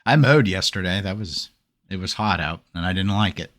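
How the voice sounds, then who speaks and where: A man hosting a podcast in casual chat, an animated storyteller who acts out quotes. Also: low-pitched, moderate pace. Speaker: podcast host.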